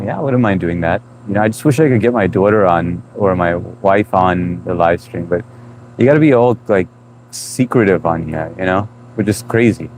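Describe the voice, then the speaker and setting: A man with a fairly low voice and an accent blending Indian and New England sounds chats through a livestream in a relaxed, rambling way. He laughs often and restarts his sentences. Faint outdoor noise sits under the voice. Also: rough recording. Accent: mix of Indian and New England. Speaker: livestream host. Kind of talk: casual live-stream chat reading comments.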